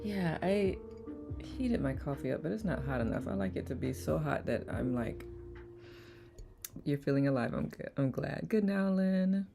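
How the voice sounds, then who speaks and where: Woman livestream host, calming voice, low gravelly tone, music behind. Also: moderate pace. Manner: warm greetings to viewers by name, chatty and relaxed. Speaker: live-stream host of a letting-go study group. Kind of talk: casual livestream greeting chat.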